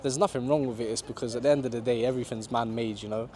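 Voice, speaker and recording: A man answering interview questions outdoors in a relaxed, conversational way. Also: medium pitch, racing. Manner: laid-back, conversational, lots of "you know". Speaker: travel vlogger being interviewed. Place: outdoors in a city park.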